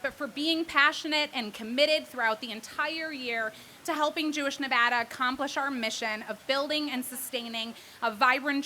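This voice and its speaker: A woman with a high voice speaks from a podium at an outdoor charity event. Her tone is bright and sharp. She talks earnestly and stops for asides and thanks. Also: a little hiss or hum. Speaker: president and CEO of the organization. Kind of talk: prepared speech at a charity event.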